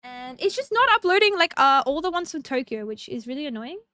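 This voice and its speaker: A woman's voice: high-pitched, big pitch swings, a little fast, bright, forceful tone, no echo. A young woman streaming casually, bubbly and giggly as she greets her chat one by one.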